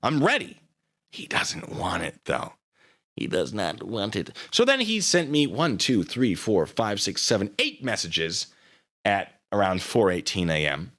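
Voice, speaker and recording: A man with a fairly low voice hosts a livestream commentary. His pitch jumps around with lively swings. His tone is sarcastic and mocking as he reads out and answers messages. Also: unhurried. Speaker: livestream host.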